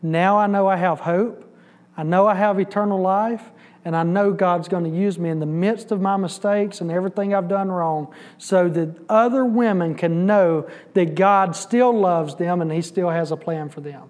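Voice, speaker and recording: A man's voice: high-pitched, normal speed, darkish tone. A man giving a testimony in church, storytelling and acting out the dialogue. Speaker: church bus ministry volunteer giving testimony. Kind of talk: sermon testimony.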